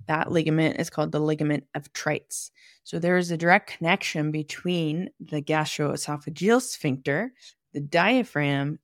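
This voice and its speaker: Low-voiced woman explaining anatomy casually. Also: no echo, studio quality. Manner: chatty, thinking aloud with fillers and asides. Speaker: podcast host and manual therapist. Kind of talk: casual educational monologue.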